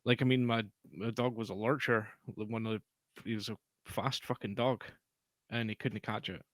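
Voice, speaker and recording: A man's voice: on the low side, steady tone, normal speed, fairly bright tone, no room sound. A man telling a story in a casual, sweary, rambling way on a podcast. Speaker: podcast co-host.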